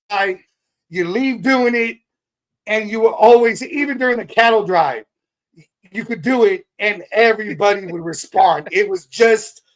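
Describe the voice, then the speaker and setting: A man's voice: sits high, a bit bright. A man co-hosting a casual sports talk show, speaking about old times in a reminiscing way. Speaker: podcast co-host. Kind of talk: casual chat.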